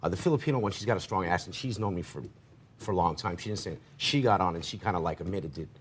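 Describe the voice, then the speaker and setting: A man's voice: low-pitched, fast talker, a little hiss or hum. A man in his forties testifying as defendant in a rambling, repetitive retelling. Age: 40s. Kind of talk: courtroom testimony.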